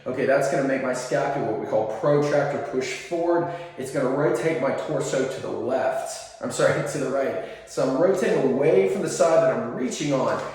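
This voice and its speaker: A man's voice: medium pitch, normal speed, hardly any pauses. A man coaching singers through arm exercises, talking casually as he demonstrates and checking in with "okay?". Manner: relaxed, talks while demonstrating exercises, frequent "okay?" check-ins. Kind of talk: instructional demonstration. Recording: very echoey room with long reverb.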